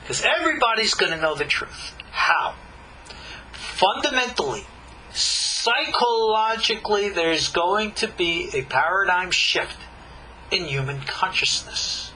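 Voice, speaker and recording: A high, very bright male voice lectures slowly and deliberately, with pauses between phrases. His pitch leaps and falls as he stresses points and puts rhetorical questions to his listeners. A faint background hum sits under the talk. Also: lively intonation, poor audio. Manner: emphatic, with long dramatic pauses. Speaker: rabbi teaching a class. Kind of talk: Torah lecture.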